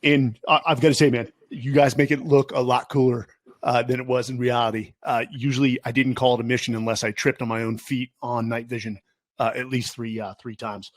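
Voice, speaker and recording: A man's voice: mid-range voice, flat delivery, fairly quick, no room sound. A man, a podcast host and military veteran, asking long rambling questions full of fillers. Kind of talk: casual interview.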